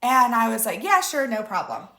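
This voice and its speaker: A woman's voice: a little high, huge pitch swings, normal speed, bright, forceful tone, roomy sound. A woman, a mother, telling a story casually to her viewers, chatty and full of quoted dialogue. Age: adult mother of school-age daughter. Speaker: vlogger.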